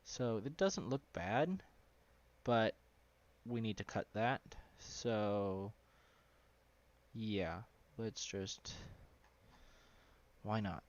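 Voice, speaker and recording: A man talking loosely through a live-streamed software tutorial, with lots of fillers and asides. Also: on the low side, extremely slow, long pauses. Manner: loose and rambling, with many fillers. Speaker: live streamer teaching 3D simulation. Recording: dull, lo-fi sound.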